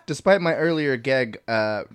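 A man's voice: medium pitch, animated, unhurried, very noisy. A man on a casual podcast chiming in with short, laughing remarks. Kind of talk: casual chat.

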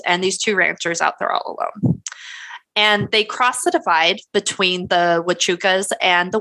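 A woman's voice: medium pitch, bright, forceful tone. A woman co-hosting a casual podcast, telling a story in a rambling, profane way with many fillers.

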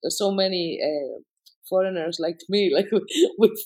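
A speaker from Spain with a Spanish accent and Spanish as their first language, talking in English in a casual conversation, halting and full of fillers like "you know" and "like". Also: mid-range voice, a little mellow. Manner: hesitant, full of fillers and restarts.

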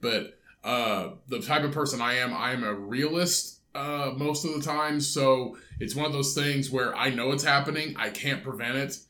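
A man's voice: medium pitch, steady tone, normal speed, hardly any pauses, sharp tone. Rambling young man in an echoey room. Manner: rambling, swears a lot, restarts mid-sentence. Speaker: podcast co-host. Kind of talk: casual chat.

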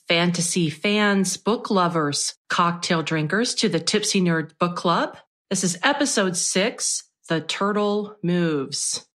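A woman hosting a podcast, chatting casually with her co-host. Her voice sits a little low, and she talks in a bubbly, gushing way, laughing often. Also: slow, few pauses, a bit bright. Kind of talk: casual chat.

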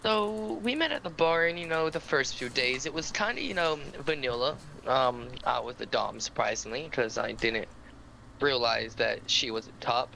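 Gravelly, bright-voiced man rambling a story. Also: mid-range voice, lively intonation, moderate pace, slight background noise, low-quality recording. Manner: rambling, filler-heavy storytelling; stammers when teased. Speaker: podcast co-host. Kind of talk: casual storytelling chat.

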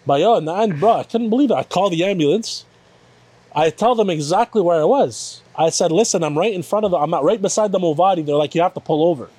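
Man with a somewhat high voice, rowdy animated storyteller for a podcast. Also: fast talker, no room sound. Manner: animated, profane storytelling with acted-out quotes. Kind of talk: casual chat.

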